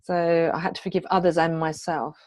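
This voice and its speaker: A woman's voice: sits low, flat delivery, fairly quick, dry recording. A middle-aged woman, a hypnotherapist and wellness coach, sharing her own story in an earnest, heartfelt way with frequent hesitations. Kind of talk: personal testimony in a coaching video.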